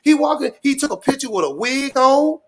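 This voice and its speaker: A man ranting loudly and profanely in street slang, rambling and repeating his catchphrases. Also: very high-pitched, expressive, brisk. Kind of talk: animated rant to an interviewer.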